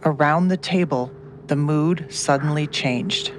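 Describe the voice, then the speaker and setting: A woman's voice: deep voice, a little slow, background noise. A woman narrating a true story in first person, scripted.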